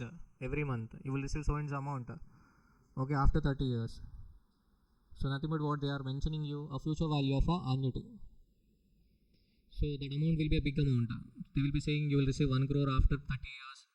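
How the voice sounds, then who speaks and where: A man's voice: mid-range voice, darkish tone, rough recording. A middle-aged man with an Indian English accent, teaching a recorded exam-prep lecture, repeating points and often checking with the students. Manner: repetitive, questioning the students often.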